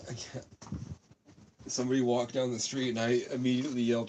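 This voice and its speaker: A man's voice: medium pitch, fairly even intonation, fast talker, darkish tone, a little hiss or hum, poor audio. A man doing a crude, absurd improvised livestream outdoors on a street, cold and coughing from cigarettes. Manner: absurd, silly, crude banter. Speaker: comedian livestreaming.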